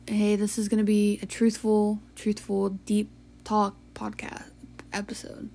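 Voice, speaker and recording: A young woman hosts her own podcast late at night, sleepy and yawning. She talks slowly and evenly in a soft, halting way, sometimes dropping to a whisper. Her pitch sits mid-range and barely moves. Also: monotone, vocal fry. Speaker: podcast host.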